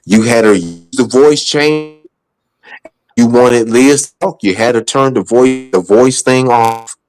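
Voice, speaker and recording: A man's voice: medium pitch, slow, low-quality recording. A man hosting a livestream talk show, talking in a heated, accusing way and repeating himself. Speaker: show host.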